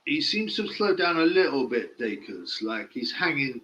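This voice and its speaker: A man's voice: medium pitch, sing-song, normal speed, fairly bright tone, lo-fi sound. A man giving casual live-stream boxing commentary, blunt, mocking and opinionated.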